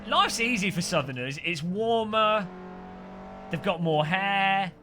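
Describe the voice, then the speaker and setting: A man's voice: sits high, animated, slow pace. Chatty Midlands man streaming a racing game. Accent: English Midlands. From English Midlands. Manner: chatty and jokey, talking while racing. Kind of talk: live gaming commentary. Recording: noisy with race car sounds.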